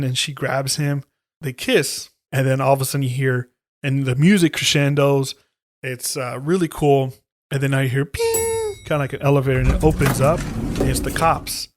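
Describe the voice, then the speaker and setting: Profane animated male horror podcaster. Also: mid-range voice, dry recording, studio quality. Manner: animated storytelling, heavy swearing, acts out lines. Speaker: podcast co-host. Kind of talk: casual chat, retelling a horror movie.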